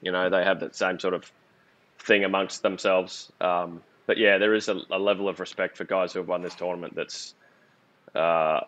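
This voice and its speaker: A man, a former champion golfer, talking reflectively on a podcast, pausing often with fillers. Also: deep voice, little pitch movement, fairly bright tone, lo-fi sound. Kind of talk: casual podcast chat.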